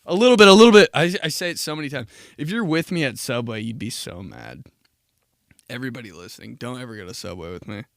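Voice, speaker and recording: A man's voice: mid-range voice, lively intonation, fast talker, gravelly, a bit bright, no echo, clean studio sound. A young man hosting a casual solo podcast, rambling through profane stories and laughing at his own jokes. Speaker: podcast host.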